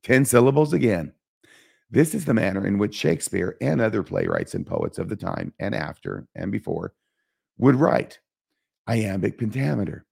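A man hosting an educational podcast on Shakespeare, speaking in a measured way and reciting quoted lines slowly and solemnly. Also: on the low side, sing-song, gravelly, a little mellow, breathy edge. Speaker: podcast host teaching Shakespeare. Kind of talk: scripted educational podcast narration.

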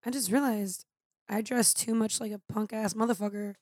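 A woman's voice: mid-range voice, steady tone, normal speed, a little mellow, dry recording. A blunt, wry woman joining a casual podcast chat and swearing freely. Her voice is recorded close and dry. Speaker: podcast co-host.

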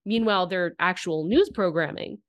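A woman's voice: on the low side, normal speed, dry recording, studio quality. A Canadian woman on a podcast who is recovering from pneumonia. She rants heatedly about politics and swears a lot. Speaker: podcast guest. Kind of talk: casual political chat.

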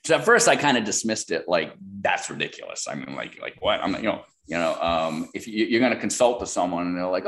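A man's voice: deep voice, very animated, a little fast, gravelly, few pauses, a bit bright. A middle-aged man, a guest telling a business story in a casual interview, rambling with fillers and acting out the people he quotes. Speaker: guest, software business founder.

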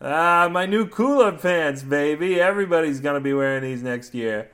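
A brash, excitable party guy in a comic audio story, played by a man. His voice is raised well above the reader's own and pushed loud and punchy. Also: fairly high pitch, normal speed, pitched above the performer's own voice.

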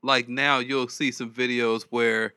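A man hosting a casual chat, reacting with lively remarks and frequent laughter. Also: mid-range voice, a little slow, clear, resonant tone.

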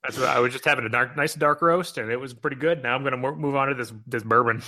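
A man's voice: mid-range voice, quick pace, sharp tone. A man co-hosting a casual podcast chat, jokey and self-deprecating, tripping over his words. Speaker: podcast co-host. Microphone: podcast microphone.

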